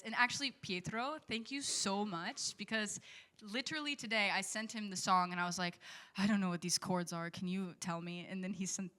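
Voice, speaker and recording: A young woman from Kentucky, a singer-songwriter at a live show, reciting a rhythmic spoken-word poem and then chatting casually with the audience. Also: mid-range voice. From Kentucky, USA. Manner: expressive, rhythmic recitation; chatty and giggly between songs. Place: live house concert venue.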